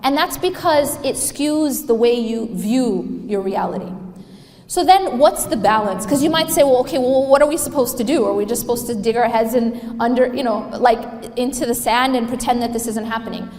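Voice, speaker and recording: A woman's voice: a little high, normal speed, a little mellow. Woman lecturing in an echoey hall. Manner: emphatic, asks the audience questions, recites Arabic verses. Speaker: Islamic lecturer. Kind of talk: religious lecture to a live audience. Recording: echoey hall, live talk.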